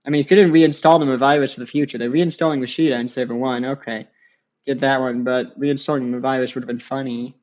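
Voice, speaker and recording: A man's voice: medium pitch, steady tone, fast talker, darkish tone, muffled recording. A man giving casual, chatty colour commentary alongside the main caller at a card game tournament.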